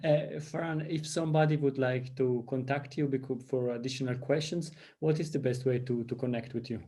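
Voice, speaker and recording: Mellow-voiced man hosting an interview. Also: mid-range voice, fairly even intonation. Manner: halting, searching for words. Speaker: interview host. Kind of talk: casual chat.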